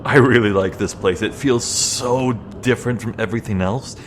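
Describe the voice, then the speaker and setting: A man's voice: on the low side, normal speed, a little hiss or hum. A young man giving casual, chatty gameplay commentary, thinking aloud and poking fun at himself. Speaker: let's play host. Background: faint game music.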